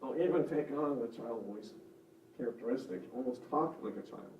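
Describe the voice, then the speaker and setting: A male seminar teacher speaks earnestly and conversationally in a seminar room, explaining with examples at a medium pitch and moderate pace. He is picked up from a distance by a microphone over the room's speaker system, so the sound is roomy and dull, with slight background noise.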